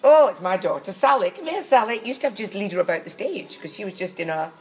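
A woman's voice: on the low side, lively intonation, fast, darkish tone, slightly rough, faint music behind, rough recording. A woman chatting in an interview, telling wry, bawdy stories and dropping into comic voices for the people in them. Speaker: guest recounting her acting past. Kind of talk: anecdotal interview chat.

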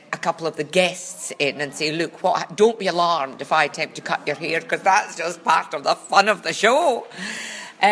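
Bright-voiced Scottish woman telling stories. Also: deep voice. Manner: chatty, dry teasing humour, rambling asides. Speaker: podcast guest, former children's TV presenter. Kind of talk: casual comic chat.

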